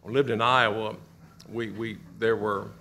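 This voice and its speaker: A middle-aged man from Kentucky teaching a church Bible class, asking the class questions and repeating their answers with animated emphasis. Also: on the low side, a little slow.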